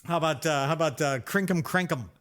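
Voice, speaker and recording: A man's voice: on the high side, fast talker, a bit bright. Sarcastic male podcast co-host. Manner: playful, sarcastic, stumbles over words. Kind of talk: casual chat.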